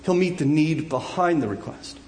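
A man in his thirties delivers a sermon in a bright, high voice, speaking casually with restarts and jokes. He swells into loud, emotional cries at key moments. The sound carries the echo of a large hall. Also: animated, normal speed. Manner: conversational, frequent restarts and asides, rising to loud emotional cries. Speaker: pastor.

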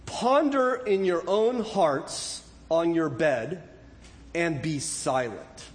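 A man preaching a sermon as pastor, earnest and animated, asking rhetorical questions of his listeners. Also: a little high, takes it slowly, long reverb tail.

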